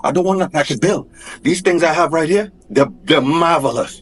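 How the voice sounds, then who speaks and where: A man's voice: a little high, fairly quick. A man talking about his divorce in a rambling, colloquial, insistent way. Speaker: husband in a divorce dispute. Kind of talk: casual rambling talk.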